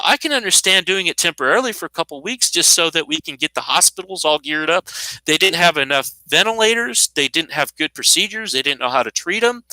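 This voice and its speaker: An American man in his 50s, voice on the high side and sharp, offers an improvised, indignant rant heavy with sarcasm, rambling and frequent restarts. The poor recording has no room sound.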